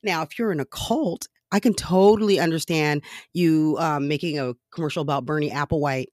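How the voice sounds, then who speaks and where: A man's voice: on the high side, a little fast, no room sound, studio quality. A man hosting his own podcast, ranting casually with lots of swearing and sarcasm, often breaking into laughs and rambling with fillers. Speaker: podcast host. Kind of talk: casual solo political rant.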